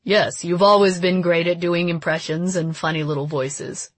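A woman reading an audiobook, voicing a calm, gentle middle-aged father in a soft, measured, reassuring tone. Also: fairly low pitch, no echo, close to an everyday voice. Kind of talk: audiobook character voice.

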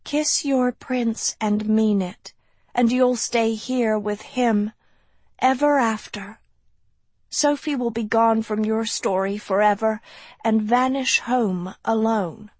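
A woman reading an audiobook, voicing a gentle, fretful older female professor who speaks softly with sighs. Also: on the high side, steady tone, slow, dry recording, pitched above the performer's own voice. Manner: soft, sighing, a little airy.

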